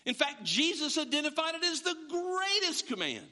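A man preaching a sermon as pastor, animated and acting out his listeners' voices. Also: very high voice, normal speed, in a large hall.

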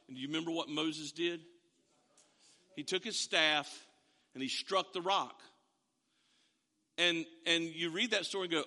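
Middle-aged man, pastor preaching, high voice, very bright tone, storytelling with acted lines, long church reverb. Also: unhurried, pauses often. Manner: storytelling preacher, acts out dialogue, asks the congregation questions. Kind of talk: sermon. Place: church hall.

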